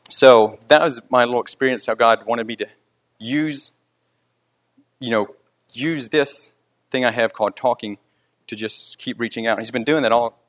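A man's voice: mid-range voice, moderate pace, long pauses, fairly bright tone. Man telling a rambling work story. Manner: rambling, with frequent restarts. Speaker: concrete crew leader. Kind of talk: casual spoken storytelling.

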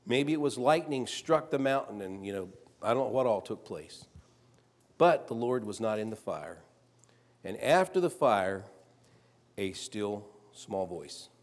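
A man preaching a sermon, reading scripture aloud and rising louder on the quoted lines. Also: mid-range voice, lively intonation, moderate pace.

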